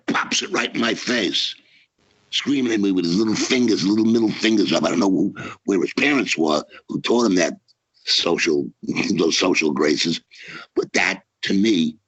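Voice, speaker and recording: A brash man with a very low, husky voice tells wrestling stories with swagger and heavy emphasis. He talks like a guest holding court in a casual interview. The audio sounds dull and lo-fi. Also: fairly bright tone, dry recording.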